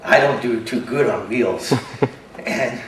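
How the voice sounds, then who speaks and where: An actor playing a shy, self-doubting young man with a disability, telling his story haltingly and earnestly in a stage monologue. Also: mid-range voice, a little hiss or hum, natural voice. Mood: gentle. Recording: roomy hall from a distance.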